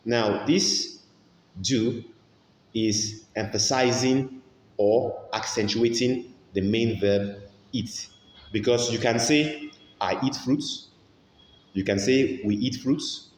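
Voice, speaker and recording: Slow, patient male English teacher. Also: mid-range voice, slight background noise. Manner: slow, patient, repeats each example. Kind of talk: grammar lesson. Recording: echoey room with long reverb, faint ambience.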